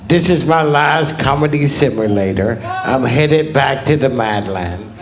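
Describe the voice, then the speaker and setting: A male stand-up comedian telling crude stories in a slow, laid-back way on a club stage. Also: medium pitch, animated, background noise.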